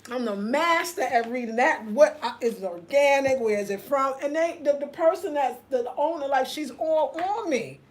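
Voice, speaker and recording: A woman, hosting a casual livestream rant, telling an animated story straight to her viewers and reading their comments aloud. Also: high voice, moderate pace, hardly any pauses. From United States. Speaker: host.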